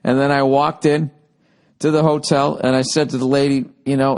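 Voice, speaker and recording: A man telling a story on his own podcast, talking loosely and swearing constantly as he rants. His voice sits at an ordinary male pitch, and he rambles through the story in a relaxed, unscripted monologue. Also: moderate pace. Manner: profane, ranting. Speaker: podcast host.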